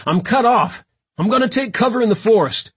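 A man voicing a gruff male warrant officer, shouting over a static-filled headset radio. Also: high voice, animated, brisk, dry recording, pitched above the performer's own voice. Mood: shouting, urgent.

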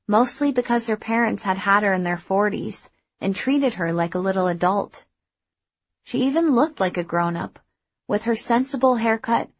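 Woman reading a story out loud, calm and steady, kinda muffled audio. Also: medium pitch, no room sound. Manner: even, measured storytelling. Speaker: narrator. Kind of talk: audiobook narration.

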